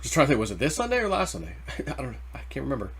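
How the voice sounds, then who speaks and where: Guy rambling casually about crypto prices, mid pitch, slangy, gets hyped easy. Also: a little hiss or hum. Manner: rambling, excitable, quick to get worked up over price ticks. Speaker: crypto channel host. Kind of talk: casual market commentary.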